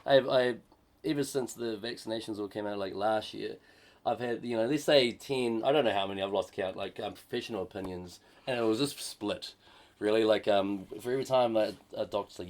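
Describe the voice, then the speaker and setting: A man's voice: on the low side, a little fast, a little mellow. A man who is a comedian, co-hosting a casual podcast and telling a long, rambling story with many fillers and restarts. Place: shed.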